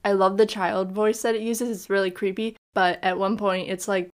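A woman co-hosting a podcast, reviewing a film in casual chat and acting out lines from scenes in an animated way. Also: mid-range voice, normal speed, hardly any pauses. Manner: animated, acts out quotes from scenes. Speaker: podcast co-host.

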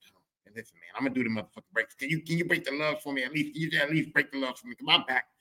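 A man doing his gruff cussing old father. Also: mid-range voice, rapid-fire, pushed and bright. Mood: grudging. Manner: curses constantly, impatient and demanding.

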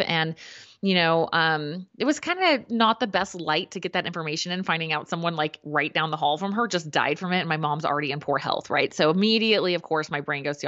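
A woman co-hosting a podcast, telling a personal story in a chatty, animated way and acting out the voices of people she quotes. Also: low-pitched, a little fast, dry recording. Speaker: podcast co-host. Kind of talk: casual conversational storytelling. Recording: dull lo-fi remote call audio.

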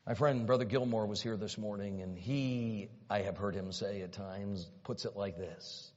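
Man, preacher, dramatic sermon storytelling, husky voice, dull recording. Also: steady tone, normal speed, hardly any pauses. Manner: dramatic storytelling, swinging from hushed low lines to loud high exclamations. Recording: dull sound with long reverb in a hall.

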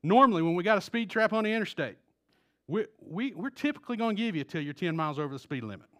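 A man putting on the voice of a sarcastic former state trooper, with a low, slow drawl. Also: expressive, fairly bright tone. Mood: laid-back authority.

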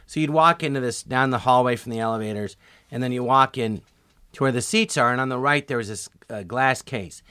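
Bright-voiced male comedian telling stories. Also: medium pitch, fairly quick, clear, resonant tone, no room sound, clean studio sound. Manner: animated, acts out quoted dialogue with many "I go"s. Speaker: guest comedian. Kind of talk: storytelling in a podcast interview.

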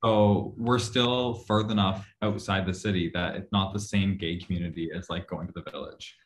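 A man's voice: sits low, fairly even intonation, normal speed. A young man chatting casually as a guest, blunt and swearing, laughing mid-sentence. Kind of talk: casual chat.

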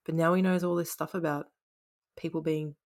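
A young woman co-hosting a casual book discussion, frank and quick to laugh as she talks about a story. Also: sits low, little pitch movement. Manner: frank, laughing, swears freely.

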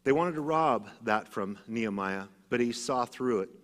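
A middle-aged male pastor preaching a sermon, telling stories and swinging from loud emphatic bursts to hushed, low passages. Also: lively intonation, normal speed. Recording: long church reverb.

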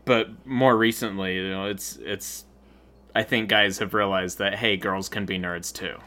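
A man in his thirties co-hosts a relaxed podcast conversation. His voice is bright and forward, and he talks in halting restarts that drift softer at the ends. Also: low voice. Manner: hesitant, repeats words, trails off quietly. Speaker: podcast co-host. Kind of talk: casual chat.

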